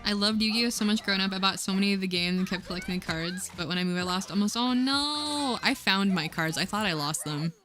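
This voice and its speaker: A woman's voice: mid-range voice, fairly quick, few pauses. A woman in her twenties rambling and giggling through a casual chat stream, swearing freely. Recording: clear music in background.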